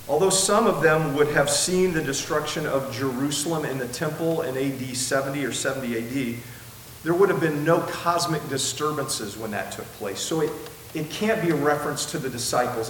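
A man preaching a sermon as pastor, emphatic, slowing down to stress key words. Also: medium pitch, far from the mic. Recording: echoey room with faint hiss.

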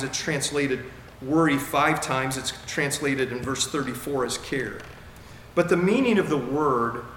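Guy preaching a sermon, kinda high voice, echoey room, hammers the same phrases over and over. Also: a bit bright. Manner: emphatic preaching, repeats key phrases. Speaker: pastor. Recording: echoey room with faint background hiss.

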